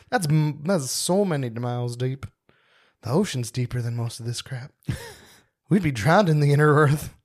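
A man's voice: medium pitch, a little slow, pauses often. Joking young man co-hosting a podcast. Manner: joking, laughs often. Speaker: podcast co-host. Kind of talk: casual chat.

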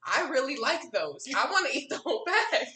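A woman's voice: high voice, sing-song, a little fast, far from the mic, a crowd in the background. A woman co-hosting a casual podcast chat. She talks bluntly in slang and laughs often. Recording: echoey, set back from the mic.

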